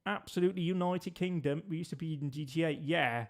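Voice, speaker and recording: A man's voice: fairly high pitch, a little fast, hardly any pauses. A man streaming a geography guessing game, chatting and joking with his viewers as he plays. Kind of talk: casual gameplay commentary.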